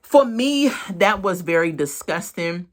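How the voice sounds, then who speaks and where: A woman giving casual, expressive commentary on a reality show, with sharp swings in pitch for emphasis. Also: measured pace.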